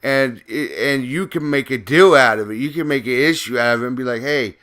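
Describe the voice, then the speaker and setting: A man with a bright, edgy voice delivers loose gameplay commentary as a YouTuber. He rambles, swears freely and gets heated as he makes his points. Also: mid-range voice, brisk, clear, resonant tone. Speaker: gaming YouTuber. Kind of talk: casual ranting commentary.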